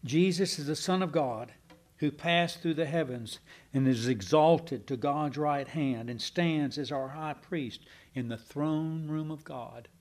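A man preaching a Sunday night sermon, teaching emphatically with slow, deliberate stresses and occasional fillers. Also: fairly high pitch, a little mellow. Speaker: pastor.

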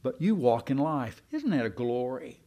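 A man's voice: mid-range voice, very animated, moderate pace, mellow. A man preaching a sermon, folksy and self-deprecating with his congregation. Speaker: pastor.

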